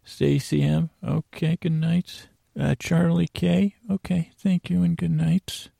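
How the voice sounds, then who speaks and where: A man voicing a schoolteacher taking attendance, with brisk, clipped replies. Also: fairly high pitch, level tone, creaky, warm tone, dry recording, clean studio sound, pitched above the performer's own voice, exaggerated voice. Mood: chirpy.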